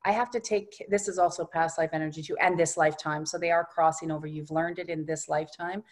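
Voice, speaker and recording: A woman with a lowish voice guides someone through an energy-healing session. She talks softly and reassuringly. Her voice often sinks to a hush. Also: fairly even intonation. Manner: soft-spoken, often dropping to a hushed tone; unhurried, reassuring coaching. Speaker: energy healer.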